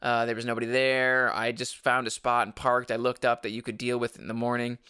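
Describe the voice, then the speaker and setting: A man hosting his own podcast and telling a road-trip story in a loose, rambling way, full of restarts and casual swearing. His voice is bright and forceful, with an average pitch. The recording is dry, with no room sound. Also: little pitch movement, brisk, clean tone, no echo. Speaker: podcast host.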